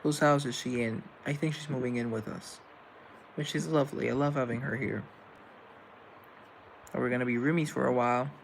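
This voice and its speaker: A man's voice: medium pitch, steady tone, brisk, gravelly, long pauses, slight background noise. A man hosting a live stream, chatting casually with viewers in a rambling, joking, self-deprecating way. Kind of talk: casual chat reading viewer comments.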